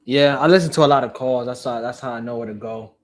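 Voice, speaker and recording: A young man in a relaxed casual chat about wholesaling real estate deals, slangy and easygoing. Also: medium pitch, quick pace. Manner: relaxed, slangy, says bro.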